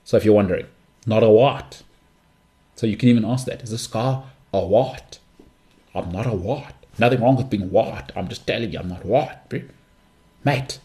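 A man's voice: fairly low pitch, dark tone. A young man hosting a solo podcast, talking in a chatty, jokey way and jumping between asides. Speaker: podcast host.

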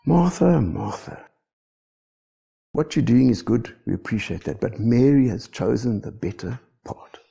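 A preacher voicing a patient male teacher who answers softly and gently. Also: medium pitch, very animated, unhurried, creaky, breathy edge, pitched below the performer's own voice, exaggerated voice. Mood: gentle.

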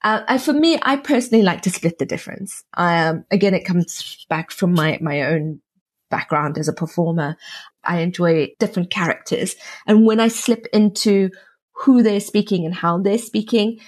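A woman who works as an audiobook narrator and actress, talking in an animated, chatty way with many restarts. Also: lowish voice, moderate pace. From South Africa. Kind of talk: conversational interview.

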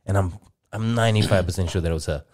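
A man's voice: deep voice, rapid-fire. A man, a comedian hosting a podcast, telling stories in casual chat and acting out what people said. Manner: animated storytelling, acts out quotes. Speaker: podcast host.

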